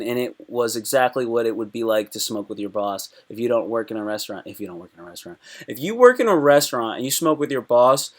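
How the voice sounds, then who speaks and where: A young man hosting a casual live stream, rambling and excitable as he answers chat questions, swearing often. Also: medium pitch.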